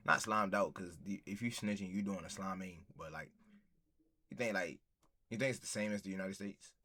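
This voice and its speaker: Low-voiced guy reacting to a vid, rambly, lots of um and uh. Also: moderate pace, bright, forceful tone. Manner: loose, rambling, with fillers. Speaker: reaction streamer. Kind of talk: casual reaction commentary.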